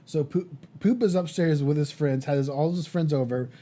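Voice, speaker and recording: A man's voice: on the high side, moderate pace, warm tone. Rambling young man telling stories. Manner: rambling storyteller, many fillers and restarts. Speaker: podcast co-host. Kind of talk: casual chat.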